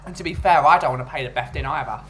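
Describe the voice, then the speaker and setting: A man's voice: on the high side, racing, fairly bright tone, slight background noise. A man hosting a casual chat who jokes and rambles about food and culture. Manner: jokey, rambling. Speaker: host.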